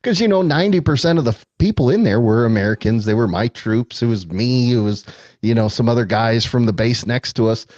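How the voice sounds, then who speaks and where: A man's voice: mid-range voice, brisk, darkish tone, no echo, dull audio. A man telling stories as a guest, chatty with many fillers and frequent laughs. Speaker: guest, former film extra. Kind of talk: casual storytelling.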